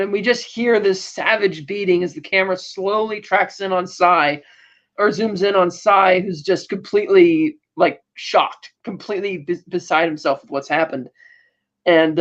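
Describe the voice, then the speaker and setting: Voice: medium pitch, dull audio. A podcast co-host casually recapping a TV episode, rambling with restarts and acting out quoted lines.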